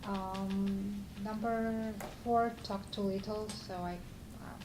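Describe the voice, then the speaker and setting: A woman giving a tentative, pausing speech as a player at a tournament game. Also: mid-range voice, level tone. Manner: tentative, many pauses. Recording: echoey noisy room.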